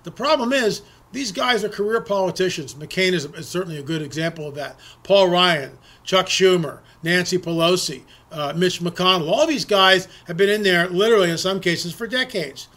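Male talk radio host, high bright voice, indignant rants that stumble over repeated words. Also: normal speed, few pauses. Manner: indignant, ranting, repeats words while restarting. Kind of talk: political talk radio commentary.

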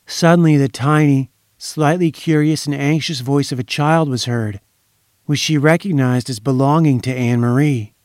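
A man reading a story aloud in a measured, solemn narration. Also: mid-range voice, fairly even intonation, darkish tone, no echo, studio quality.

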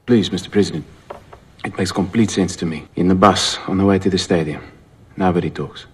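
An actor playing an earnest South African rugby captain with an Afrikaans accent. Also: male voice, low-pitched, brisk, husky.

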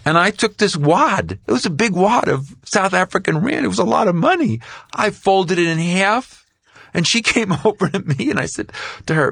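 A middle-aged man, an author and guest, telling an animated story in an interview and acting out other people's voices. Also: sits high, moderate pace, vocal fry, slightly rough, no room sound.

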